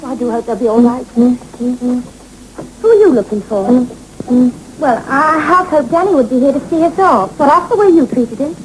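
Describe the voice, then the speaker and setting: A woman's voice: high voice, lively intonation, normal speed. An actress playing a worried middle-aged mother who frets anxiously, in a 1950s British film comedy. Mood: fretting. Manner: fretful, anxious. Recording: hissy old film soundtrack.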